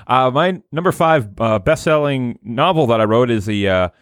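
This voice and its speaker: A man joking through a casual podcast chat, his pitch swinging up and down as he talks. He rambles and stalls on filler words while hunting for the next thought. The sound is close and dry. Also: animated, normal speed, a bit bright, clear, resonant tone, no room sound. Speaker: podcast co-host.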